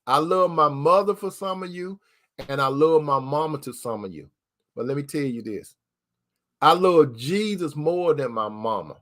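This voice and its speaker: In a slightly high, animated voice with a fairly bright tone and normal speed, a man preaches to his viewers with Christian relationship advice. He repeats his points emphatically and calls his listeners brother and sister.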